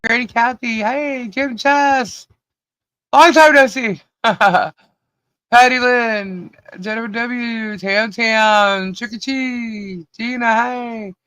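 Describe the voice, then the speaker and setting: Hoarse, giddy live-stream podcast host. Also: medium pitch, steady tone, drawn-out words, bright, forceful tone, dry recording. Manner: giddy, laughing, greets viewers by name. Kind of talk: live-stream chat greeting viewers.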